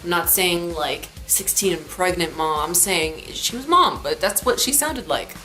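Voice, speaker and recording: A woman's voice: on the low side, lively intonation, unhurried, pushed and bright, soft background music, low-quality recording. A woman in her late teens ranting to camera in a chatty, sarcastic, rambling way. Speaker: vlogger. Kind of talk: ranting vlog.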